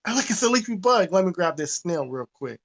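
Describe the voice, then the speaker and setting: A man's voice: high-pitched, a little fast. A man, ranting with profanity in a casual podcast talk. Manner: animated, profane, preachy. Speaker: podcast host. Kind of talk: casual rant.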